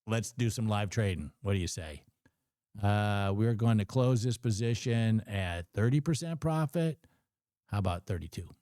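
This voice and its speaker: A middle-aged man hosting a live trading stream, thinking aloud and reacting excitedly to his screen. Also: on the low side, moderate pace, no room sound, studio quality. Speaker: host of a trading livestream.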